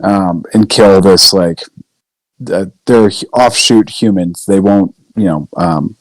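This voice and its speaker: A man speaking as a podcast guest, hesitant and halting with many fillers. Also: low voice, dry recording, low-quality recording. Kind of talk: casual chat.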